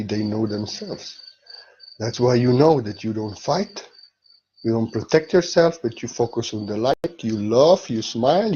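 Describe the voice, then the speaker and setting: A man giving a gentle, rambling spiritual talk in halting, non-native English. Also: medium pitch, muffled recording. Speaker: spiritual teacher.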